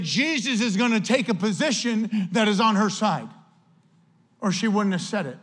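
A male pastor preaches in an earnest, conversational way, turning often to address the church directly. His voice sits fairly high for a man. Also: expressive, moderate pace, a bit bright. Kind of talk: sermon.

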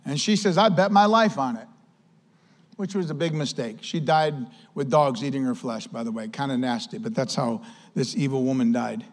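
A man preaching a sermon as pastor, telling the story with animated energy and acting out the quotes. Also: mid-range voice, fairly quick, in a large hall.

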